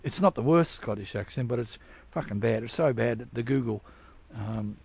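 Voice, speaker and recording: A man's voice: mid-range voice, normal speed, creaky, breathy edge, dry recording. A man vlogging outdoors while prospecting for gold in drizzle, rambling casually with lots of swearing and restarts. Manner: rambling, profane, self-interrupting. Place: outdoors at a dig site in drizzle.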